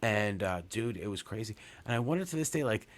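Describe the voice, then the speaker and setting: A New man in his thirties tells a long story on his podcast. His voice sits very low and stays casual. He rambles, restarts his sentences, and swears all the way through. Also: expressive, brisk. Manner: rambling, profane, lots of fillers and restarts. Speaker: podcast host.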